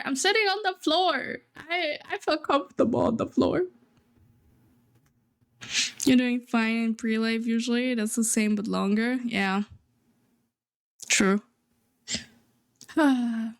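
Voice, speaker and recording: Teary young woman streamer, high voice. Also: takes it slowly, long pauses. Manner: emotional, teary, swearing. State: near tears. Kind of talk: casual chat.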